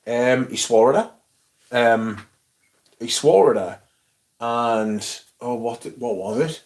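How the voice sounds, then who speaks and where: A middle-aged man, telling an animated, swear-filled story on a casual livestream. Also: mid-range voice, takes it slowly. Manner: swearing, animated anecdote with quoted voices. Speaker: livestream host.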